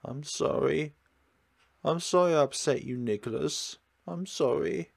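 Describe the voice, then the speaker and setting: A man voicing a timid ghost girl, raised pitch. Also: a little slow, vocal fry, full character voice. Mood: apologetic. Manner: soft, remorseful, hesitant.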